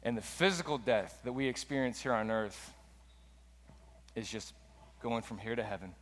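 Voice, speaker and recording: A male pastor delivers a passionate sermon in a medium-pitched voice. His delivery surges upward in pitch and volume whenever he drives a point home. The recording carries the long reverb of a large sanctuary. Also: moderate pace. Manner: impassioned preaching with dramatic pitch swings. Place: church sanctuary.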